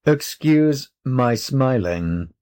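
A man reads aloud as a sly male storybook cat, smug and teasing, drawling his words at a very slow, relishing pace. The voice is mid-range, animated and a little mellow.

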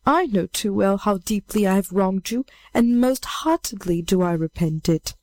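A woman's voice: medium pitch, moderate pace, darkish tone, dry recording, lightly acted. A woman voicing a remorseful young prince who begs for mercy in a storybook reading. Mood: pleading. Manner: pleading, repentant.

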